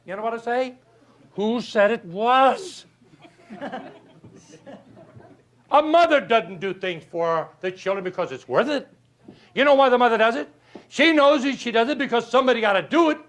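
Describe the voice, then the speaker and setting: An older man giving a motivational speech, telling folksy stories and asking his audience rhetorical questions. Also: sits high. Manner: animated, folksy storytelling with rhetorical questions and chuckles. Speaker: motivational speaker.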